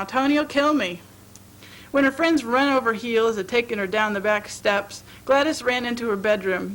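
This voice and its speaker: Brief: female reader, fairly high voice, steady expressive story narration. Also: poor audio. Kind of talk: reading a short story aloud.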